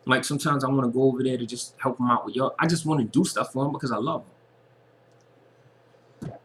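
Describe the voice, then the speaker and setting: A man speaks earnestly in a casual personal monologue for his vlog. He sits at a middle pitch and circles back to the same phrases to drive his point home. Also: fast, fairly bright tone, slight background noise. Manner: earnest, repeating phrases for emphasis. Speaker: vlogger.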